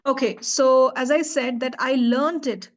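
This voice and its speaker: A woman's voice: high-pitched, fairly even intonation, a little slow. A woman who coaches public speaking, answering interview questions on a video call with emphatic, demonstrative delivery. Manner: emphatic, demonstrates emotions in her voice.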